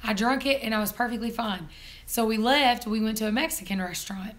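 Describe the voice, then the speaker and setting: Lady hosting a live stream, kinda hoarse, bright voice, laughing and teasing a lot. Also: a little high, fairly quick. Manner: chatty, laughs often, teasing. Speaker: vlog host. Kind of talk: casual live-stream chat.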